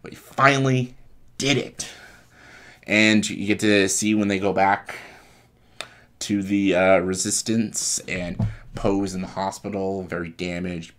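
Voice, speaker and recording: Low-voiced young man excitedly pitching a movie. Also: a little slow. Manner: breathless and profane, acting out lines and sound effects. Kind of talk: excited comedic retelling.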